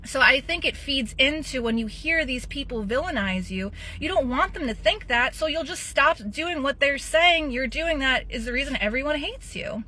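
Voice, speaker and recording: Brief: woman in her 30s, bright and forceful, a little high, blunt and profane host voice. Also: expressive, moderate pace, hardly any pauses, a little hiss or hum. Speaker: podcast host. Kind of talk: candid personal monologue.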